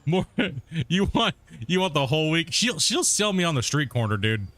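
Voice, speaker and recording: Bright-voiced laid-back gaming streamer man. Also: fairly high pitch, very animated, normal speed, no echo. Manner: laid-back, laughs often, chats with viewers and people at home. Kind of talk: casual live-stream chat. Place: home.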